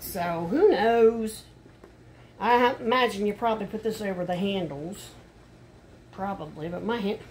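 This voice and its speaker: At home, an older woman unboxes a shopping haul for her vlog, chatting casually, muttering asides and growing frustrated. Her voice is medium-pitched with vocal fry, and there's a little hiss or hum in the recording.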